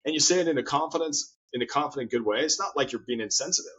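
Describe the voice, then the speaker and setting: A man's voice: medium pitch, expressive, fast, a bit bright, dull audio, a little hiss or hum. A man, a guest author in an interview conversation, telling stories earnestly and often repeating his words as he goes.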